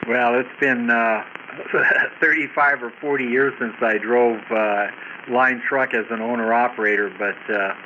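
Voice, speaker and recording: Older guy on ham radio, lots of pauses, muffled and staticky. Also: medium pitch, fairly even intonation, slight background noise. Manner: halting, hesitant delivery. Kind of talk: casual radio chat.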